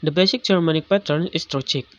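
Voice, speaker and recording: Halting man reading a stress lesson. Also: fairly high pitch, fairly bright tone. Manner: halting, with frequent restarts on words. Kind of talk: reading a lecture on English word stress. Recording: dull lo-fi recording.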